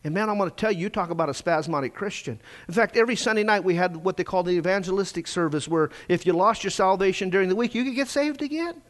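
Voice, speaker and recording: A middle-aged male pastor preaching a sermon in a church, telling his own story and swinging between loud urgency and hushed quiet. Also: high-pitched, fast, few pauses. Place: church sanctuary.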